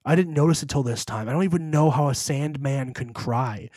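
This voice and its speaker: A man's voice: mid-range voice, fairly quick, a little mellow, no room sound, clean studio sound. A young man co-hosting a podcast, rambling emotionally through a movie retelling with lots of fillers. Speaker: podcast co-host. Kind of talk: casual chat.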